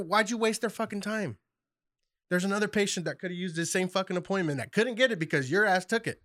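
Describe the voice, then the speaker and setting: A man's voice: sits high, a bit bright, no room sound, studio quality. A man in casual podcast chat, swearing constantly and getting worked up as he rants.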